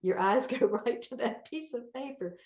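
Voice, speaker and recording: A woman's voice: on the high side, normal speed, darkish tone, reverberant. A woman with a Southern accent, a guest in an interview, talking in an upbeat, encouraging way with frequent laughs. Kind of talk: casual interview chat.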